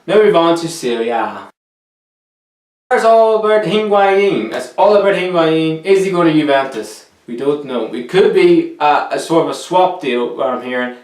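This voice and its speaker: A man's voice: medium pitch, echoey room, distant mic. Chatty man vlogging football transfers. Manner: chatty and joking, talks straight to viewers. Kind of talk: casual football commentary vlog. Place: room cooled by two big fans.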